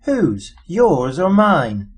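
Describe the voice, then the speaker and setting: A flustered, indignant ordinary Englishman, as a male narrator puts him on. His questions come out querulous and pitched high with exasperation, and the voice keeps a husky edge. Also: big pitch swings, extremely slow, full character voice. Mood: exasperated.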